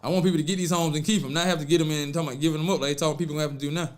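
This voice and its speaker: A man's voice: on the high side, fairly even intonation, racing. A middle-aged man hosting a podcast, giving money and home-buying tips in a loose, slangy, chatty way and joking with his producer. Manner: loose, slangy and chatty, calls listeners "baby". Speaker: podcast host. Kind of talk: casual advice talk.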